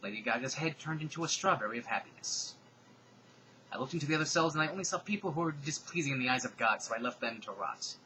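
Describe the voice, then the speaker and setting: Quick-paced and theatrical, a man performs a fan fiction reading for laughs, punctuating it with sarcastic, deadpan remarks. His mid-range voice is bright and crisp, heard over faint room noise on a rough recording.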